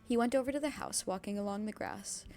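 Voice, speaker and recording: A woman's voice: mid-range voice, quick pace, darkish tone, a little hiss or hum. A young woman streaming herself reading a classic novel aloud, breaking off into cursing asides. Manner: reads steadily with sudden cursing asides.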